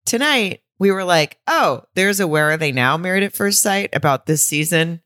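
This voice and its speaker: Low-voiced woman podcast co-host. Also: normal speed, a bit bright, no echo, studio quality. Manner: profane, joking. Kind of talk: casual chat.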